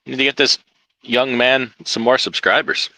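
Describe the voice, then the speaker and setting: A man's voice: medium pitch, steady tone, normal speed, sharp tone, low-quality recording. A man who hosts a trucking live stream, chatting casually and teasing his guest with jokes. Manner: joking, teasing.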